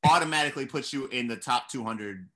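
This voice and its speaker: A man co-hosting a comedic film podcast, talking in an animated, sarcastic way and swearing often. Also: medium pitch, fast. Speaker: podcast co-host. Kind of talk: casual comedic film discussion.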